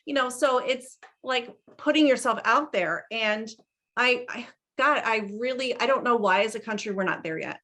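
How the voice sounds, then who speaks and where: A middle-aged woman hosting a podcast, chatting casually and telling stories in an animated way, with many restarts. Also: a little high, normal speed. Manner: chatty, animated storytelling with frequent laughs and restarts. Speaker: podcast host. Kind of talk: casual conversational interview.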